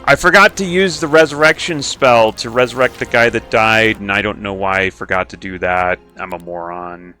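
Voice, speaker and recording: A man's voice: on the low side, moderate pace, few pauses, pushed and bright, soft background music. A man giving casual commentary over his own strategy game, chatty and self-mocking, thinking aloud and making playful silly noises. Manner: playful silly noises and repeated sound effects. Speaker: game streamer.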